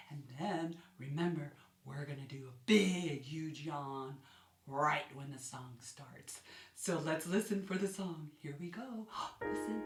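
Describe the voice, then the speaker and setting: Woman, kids' ballet teacher, slow deliberate delivery, roomy distant sound, faint music behind. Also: lowish voice. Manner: animated, gasping, cheerful counting for small children. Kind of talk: children's ballet class instruction.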